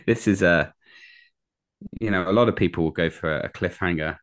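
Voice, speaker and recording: A man's voice: sits low, normal speed, fairly bright tone. A man co-hosting a podcast, reacting with wry, teasing remarks in casual chat. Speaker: podcast co-host.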